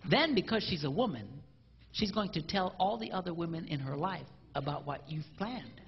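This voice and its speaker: A man doing a stand-up comedy routine, animated and acting out spouses in mimicked voices. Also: a little high, moderate pace, slight background noise. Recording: roomy live hall, dull lo-fi sound.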